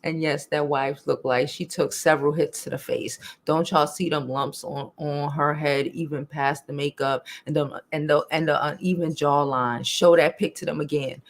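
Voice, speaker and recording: A young woman, hosting a casual live stream, talking bluntly and profanely, animated, and reading chat comments aloud. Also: low-pitched, moderate pace, few pauses.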